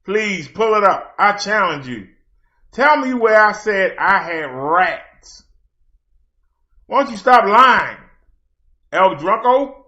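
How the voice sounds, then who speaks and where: A man's voice: high-pitched, big pitch swings, slow, long pauses, bright, forceful tone, lo-fi sound. A man hosting a late-night livestream, challenging and mocking an absent critic. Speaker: livestream host.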